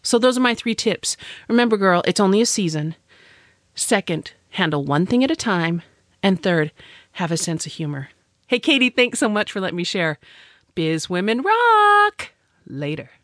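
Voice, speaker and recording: A woman's voice: medium pitch, animated, normal speed, dry recording, clean studio sound. A woman giving a bubbly, exclamatory message full of tips for fellow business moms. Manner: bubbly, exclamatory, chatty with big swings in pace. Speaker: business owner sharing tips. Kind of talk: recorded guest message for a podcast.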